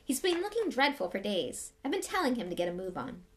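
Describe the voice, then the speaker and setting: A woman reading aloud and voicing an old, wise wizard headmaster who talks gently and calmly. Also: on the high side. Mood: amused. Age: older. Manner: gentle, unhurried, lecturing.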